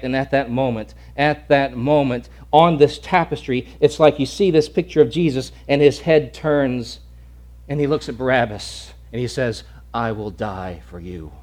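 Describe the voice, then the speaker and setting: In a mid-range voice at a moderate pace, a man preaches a theatrical sermon, dropping from shouts to hushed whispers and repeating words while he dramatizes the scene.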